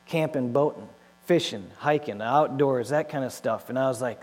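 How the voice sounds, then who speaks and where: A man telling his life story to an audience, animated and acting out his own past words. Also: on the high side, fairly quick. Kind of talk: personal testimony to an audience. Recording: long hall reverb with mains hum.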